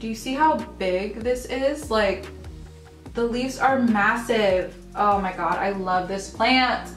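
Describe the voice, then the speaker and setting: A woman's voice: a little high, takes it slowly, roomy sound, faint music behind. A woman chatting casually and gushing about her houseplants at home, with frequent ums and little laughs. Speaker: plant vlogger. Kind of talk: casual haul video chat. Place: home room full of houseplants.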